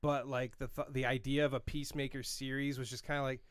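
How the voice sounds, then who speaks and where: A man co-hosting a podcast, chatting casually, excitable and swearing freely with frequent laughter. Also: medium pitch, fast, clear, resonant tone, no echo. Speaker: podcast co-host. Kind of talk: casual chat.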